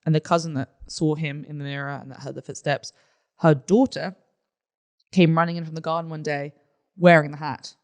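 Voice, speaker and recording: A woman's voice: low-pitched, fairly even intonation, a little fast. A woman co-hosting a comedy podcast, chatting casually and often answering her partner with "mm-hmm". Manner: chatty, backs the other host with "mm-hmm". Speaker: podcast co-host. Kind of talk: casual chat.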